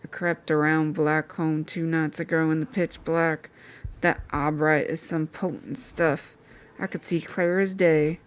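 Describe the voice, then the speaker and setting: A woman's voice: sits low, level tone, measured pace, smooth. A woman voicing a shaken, rugged man who writes a letter, in a put-on country accent. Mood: uneasy.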